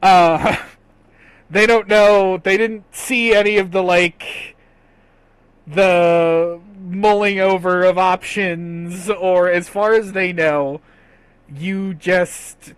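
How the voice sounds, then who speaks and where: A man leads a tabletop game as game master, narrating in a slow, hushed way. His voice sits a little high, and he breaks into quicker chatty asides between story beats. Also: steady tone, clear, resonant tone, dry recording, rough recording.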